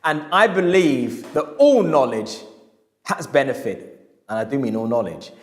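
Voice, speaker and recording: A man's voice: medium pitch, sing-song, unhurried. A man, a historian telling a story in a lecture, emphatic and repeating his key phrases. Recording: echoey hall.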